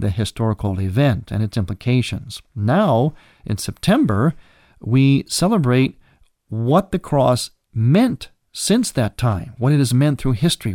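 A man teaching about church feasts in a measured, explanatory way, often restarting a phrase as he works out his wording. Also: mid-range voice, darkish tone, no echo, studio quality. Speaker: religious teacher. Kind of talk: explanatory religious lecture.

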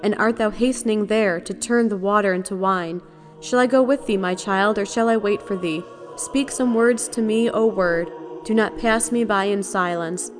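A woman's voice: medium pitch, normal speed, soft background music, natural voice. A woman reading the lament of a grieving mother over her dead son, in solemn, archaic prayer language. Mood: mournful. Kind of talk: liturgical reading.

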